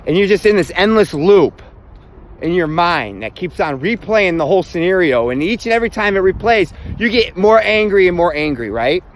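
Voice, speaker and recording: A man's voice: high voice, big pitch swings, moderate pace. A man delivering a profane motivational rant, blunt and emphatic, swearing constantly. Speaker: self-help vlogger.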